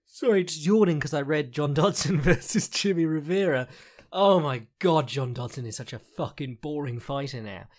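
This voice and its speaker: A man's voice: a little high, moderate pace. Casual man rambling fight recap. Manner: rambling, frank, swears, frequent fillers and laughs. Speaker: podcast host, fight analyst. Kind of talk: casual solo commentary recap.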